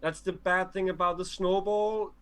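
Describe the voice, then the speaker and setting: Uk guy on a live vape stream, higher voice, dry teasing questions. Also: fairly even intonation, moderate pace. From United Kingdom. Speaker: podcast co-host. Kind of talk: casual live-stream chat.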